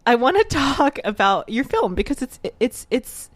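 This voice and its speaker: A woman's voice: sits high, big pitch swings, moderate pace, no room sound. An American woman hosting a casual comedy podcast, playful and teasing, laughing often.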